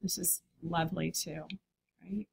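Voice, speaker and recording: A woman's voice: fairly low pitch, fairly even intonation, unhurried, creaky, slightly rough. A woman teaching a design class, talking in a chatty, enthusiastic way. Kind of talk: classroom lecture.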